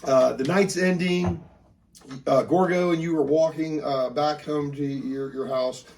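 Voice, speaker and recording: A man's voice: on the high side, fairly even intonation, unhurried, gravelly, darkish tone, distant mic. A man narrating as game master of a tabletop game, rambling with many fillers and restarts.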